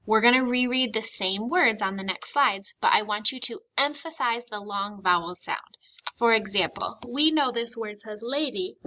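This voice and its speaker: Slow, bright-voiced woman teaching phonics. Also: medium pitch. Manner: slow, deliberate modeling of words for repetition. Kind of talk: phonics lesson for children. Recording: slightly dull lo-fi recording.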